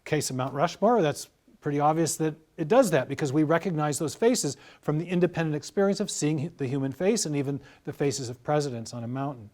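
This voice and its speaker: A man's voice: a little high, darkish tone. Lecturing man explaining with examples. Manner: measured, lecturing with examples and restarts. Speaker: guest scientist. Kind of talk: explanatory interview talk.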